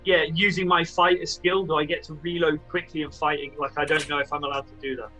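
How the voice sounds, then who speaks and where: Male player in an online tabletop game, bright and a little high, keeps apologizing and checking the rules. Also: flat delivery, quick pace, soft background music, low-quality recording. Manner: apologetic, unsure about the rules. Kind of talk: casual tabletop game play.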